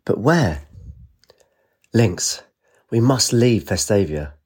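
A man's voice: on the low side, very animated, slow, breathy edge, exaggerated voice. A man voicing a young woman heroine, eager and restless, speaking her lines in a raised voice. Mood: urgent.

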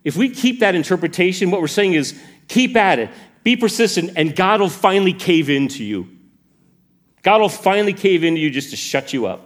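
A man's voice: sits high, brisk. A man preaching a sermon, asking the congregation question after question. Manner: animated, asks the congregation questions.

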